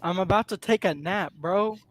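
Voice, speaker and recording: A man's voice: high voice, moderate pace. A man playing in a tabletop game, laid-back and joking. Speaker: player. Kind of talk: casual tabletop game play.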